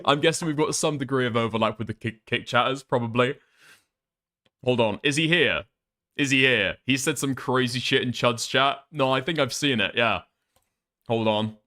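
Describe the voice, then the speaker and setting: A man's voice: medium pitch, normal speed, pushed and bright. A man chatting casually and rambling on a live stream, swearing often. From northern England.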